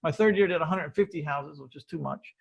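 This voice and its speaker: A man's voice: a little high, quick pace, creaky. Rambling, earnest middle-aged male host. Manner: rambling, repeats words, earnest and self-deprecating. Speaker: podcast host. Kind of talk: casual storytelling interview.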